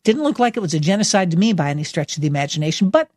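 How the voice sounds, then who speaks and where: A woman's voice: fairly low pitch, sing-song, rapid-fire, a little mellow, dry recording, clean studio sound. A woman hosting a talk radio show, speaking emphatically and with enthusiasm as she introduces a guest. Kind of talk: talk radio monologue and interview.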